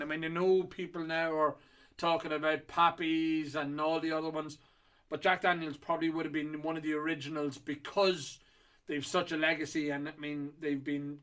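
Guy rambling about auction lots, kinda high voice, lots of ums. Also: a bit bright. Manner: rambling and chatty with many fillers. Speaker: whiskey auction host. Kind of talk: casual chat previewing auction lots.

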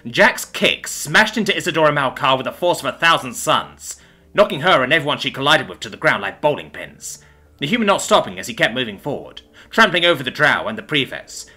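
A man narrating a sci-fi school story in an expressive reading voice. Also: medium pitch, fairly quick, breathy edge, faint music behind. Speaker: narrator and author.

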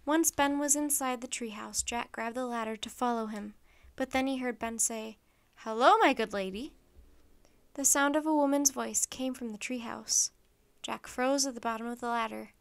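A woman reads a children's story aloud with clear, steady narration. Her voice sits somewhat high and stays plain and even. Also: normal speed.

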